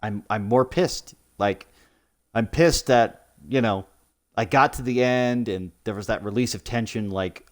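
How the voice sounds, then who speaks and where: A man's voice: lowish voice, a little slow. Young male gaming host, profane rant, sarcastic quoting, exasperated. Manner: swearing often, exasperated, mocking in put-on quotes. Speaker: gaming YouTuber. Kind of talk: post-game commentary rant.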